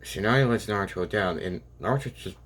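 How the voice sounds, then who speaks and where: A young man casually narrating an improvised fan story, rambling and halting with many fillers and restarts. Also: lowish voice, fairly bright tone.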